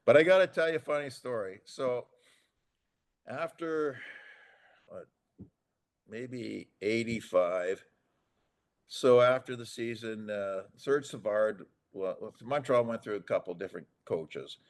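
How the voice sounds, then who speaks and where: A former hockey player in his sixties tells rambling anecdotes on a podcast in a casual storytelling chat, acting out the dialogue and chuckling often. His voice is medium-pitched, slow, with long pauses.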